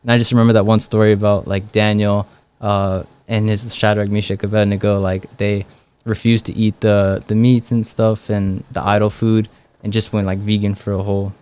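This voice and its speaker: A young man with a smooth, clear voice that sits a little low, telling his own stories as a guest in a relaxed interview. He talks loosely, filling gaps with "like" and "um". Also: moderate pace. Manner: relaxed, many fillers like "like" and "um". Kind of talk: casual storytelling interview.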